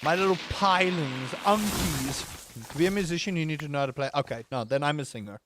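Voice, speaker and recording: A high-voiced man talks casually on a live game stream, wandering from thought to thought and poking fun at himself. He reads his chat aloud and answers it. A faint hiss runs under the recording. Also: brisk. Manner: rambling, self-mocking, reading chat aloud.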